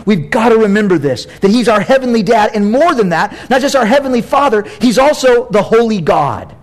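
Speaking fairly quickly in a high-pitched voice, a middle-aged American man delivers a sermon as pastor, animated and conversational with playful asides.

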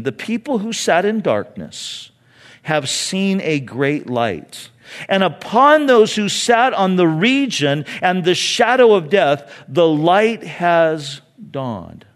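Animated man preaching a sermon. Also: on the high side. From California. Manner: animated, conversational preaching with dramatic pauses. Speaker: pastor.

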